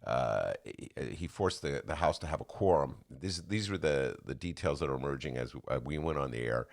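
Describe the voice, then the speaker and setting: A very deep-voiced man, his voice gravelly. He talks in a rambling, self-deprecating way, full of restarts, and his pitch swings widely as he hosts a casual podcast chat. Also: animated, normal speed. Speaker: podcast host.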